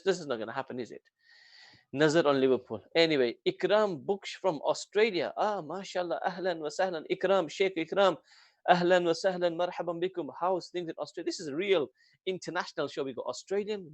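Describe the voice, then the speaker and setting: A man hosting a local radio show in casual chat, jokey and rambling, with a British accent, getting excitable and reading phone numbers out slowly. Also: fairly high pitch, no echo. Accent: British English. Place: radio studio.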